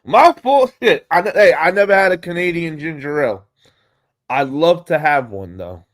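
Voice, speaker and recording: Excitable New York guy streaming live. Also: on the high side, normal speed. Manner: excitable, swears freely, hypes up viewers. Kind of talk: casual live chat with viewers.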